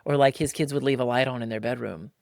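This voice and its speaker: Animated storytelling man, dry sound. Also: mid-range voice, fast, vocal fry, dry recording. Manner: animated storytelling, acting out quotes, frequent "like" and "bro". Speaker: podcast host. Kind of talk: casual podcast chat.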